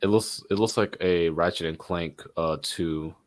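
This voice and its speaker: Deep-voiced laid-back man chatting games. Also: fairly even intonation, unhurried. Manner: rambling, laughs often. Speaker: podcast co-host. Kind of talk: casual gaming chat.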